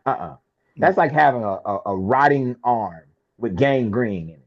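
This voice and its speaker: Animated male storyteller, lo-fi sound. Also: medium pitch, a little fast. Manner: lively storyteller who acts out quoted dialogue. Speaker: interview guest, film producer. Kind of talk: animated storytelling in a podcast interview.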